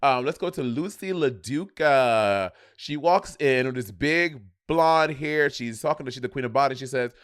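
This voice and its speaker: Man, co-host, sassy chat, mid pitch, dry close sound. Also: animated, moderate pace, few pauses, fairly bright tone, clear, resonant tone, no echo. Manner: laughing, chatty, sassy. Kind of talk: casual chat.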